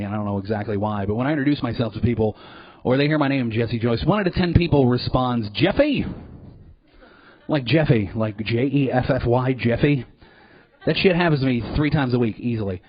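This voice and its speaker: A man performing a live stand-up set in a comedy club, animated and profane, jumping now and then into loud put-on voices. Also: medium pitch, no echo. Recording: dull lo-fi live recording.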